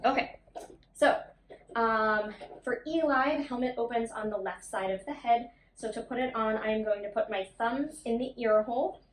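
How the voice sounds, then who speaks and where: A woman demonstrating step by step how to fit a baby's helmet, speaking gently to the infant. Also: fairly high pitch, normal speed, reverberant, slight background noise. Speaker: helmet fitter. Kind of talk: instructional demonstration.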